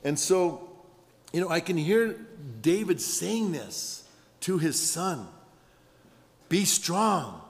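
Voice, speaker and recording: Pastor in a reverberant hall, middle-aged man. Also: fairly high pitch. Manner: storytelling, animated with shouted punchlines. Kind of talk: sermon. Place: large conference hall.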